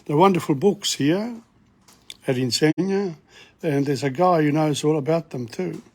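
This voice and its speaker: Older male teacher, gravelly, husky, a little high-pitched, repeats words for practice, opinionated asides. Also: normal speed. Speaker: language teacher. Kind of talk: informal video lesson. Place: bookshop.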